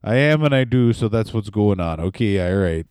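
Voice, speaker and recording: Comedian doing a crude old ex-wrestler, deep Minnesota drawl, dry close sound. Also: male voice, lively intonation, normal speed, darkish tone, clear, resonant tone, no echo, close to an everyday voice. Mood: crude boasting. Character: drawling aging male ex-wrestler, crude and boastful.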